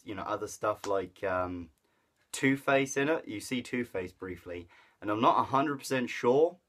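Low-voiced man rambling through a movie review. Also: fairly bright tone. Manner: rambling, with many fillers and restarts; enthusiastic, laughs at the jokes he retells. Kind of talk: casual rambling film review.

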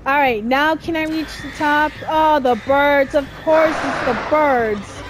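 A young woman with a high voice gives exasperated gameplay commentary and talks back to the screen. She speaks slowly and drawn out. Faint background noise sits under her voice. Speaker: gameplay streamer. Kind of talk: let's play commentary.

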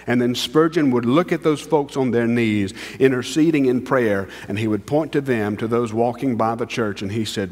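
A man preaching from a church pulpit, his voice sitting at an ordinary middle pitch. He swings between hushed, stretched-out words and raised, insistent declarations. A long reverb from the large sanctuary trails after every phrase. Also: moderate pace, hardly any pauses. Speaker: pastor. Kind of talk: sermon.

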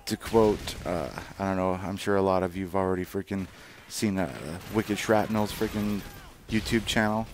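A man's voice: low voice, level tone, normal speed, few pauses, slight background noise. A man casually commenting over gameplay footage, rambling and swearing freely, with lots of fillers and restarts. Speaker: gaming channel host.

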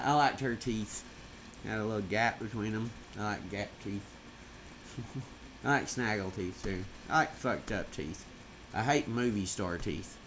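A tired, burnt-out man rambling and swearing in a late-night vlog on a webcam mic, drifting from loud outbursts to mumbles. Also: on the low side, slight background noise. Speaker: vlogger.

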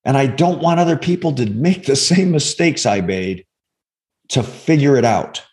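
Man, 60s, interview guest, reflective storyteller, earnest and halting, middle-pitched. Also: expressive, darkish tone. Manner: halting, earnest, restarts often. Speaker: interview guest, former undercover agent.

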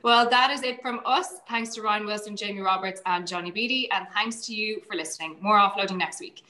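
A woman host reads a quick, upbeat podcast outro at a rapid clip. Her voice is bright and forward. The recording has a noticeable room echo. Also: mid-range voice. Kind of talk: scripted outro.

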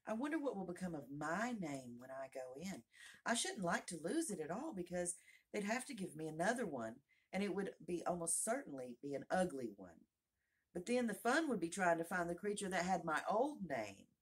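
A woman's voice: on the low side, big pitch swings, moderate pace, breathy edge, voice pushed up. A woman playing Alice, a rambling curious girl. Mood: musing. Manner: rambling, musing aloud to herself. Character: curious chattering young girl.

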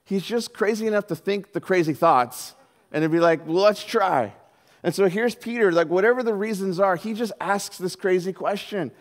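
A middle-aged man preaching a sermon as pastor, telling the story with animated quoted voices. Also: high-pitched, moderate pace, big-room sound. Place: church hall.

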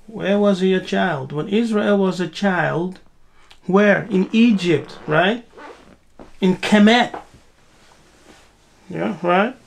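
A woman's voice: medium pitch, vocal fry. A woman giving a spiritual teaching, asking rhetorical questions and answering them herself with emphatic repetition.

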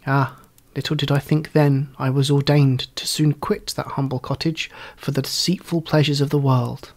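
A man reading a classic story aloud as storyteller, in a measured, theatrical manner suited to period prose. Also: mid-range voice, little pitch movement.

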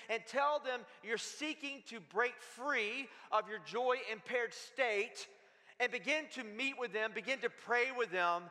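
A man's voice: high-pitched, pushed and bright. A man pastor preaching a sermon in an emphatic, conversational way, repeating his phrases. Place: church sanctuary. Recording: long church-hall reverb.

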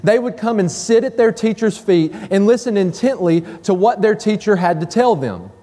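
High-voiced man preaching a sermon. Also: very animated, normal speed, dark tone. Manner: emphatic, repeating key phrases. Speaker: pastor. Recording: long reverb of a church hall.

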